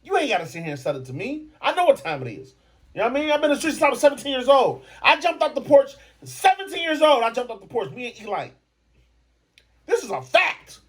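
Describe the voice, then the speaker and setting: A brash man hosts a podcast in a comedic rant, swearing freely and mocking his targets. His pitch swings widely as he goes, rising and dropping with every jab. He is from Michigan. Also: sing-song, quick pace, a bit bright, slightly rough. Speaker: podcast host.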